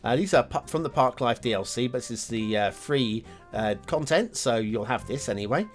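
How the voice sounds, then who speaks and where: A man's voice: medium pitch, lively intonation, normal speed, faint music behind. A man hosting a game map review show, talking casually over gameplay with lots of fillers and wry asides. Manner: chatty, rambling, many fillers and self-deprecating asides.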